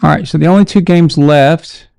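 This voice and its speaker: A man hosting a casual sports live stream, animated and exasperated as he chats with viewers. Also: on the high side, moderate pace, gravelly, clear, resonant tone, no echo, studio quality.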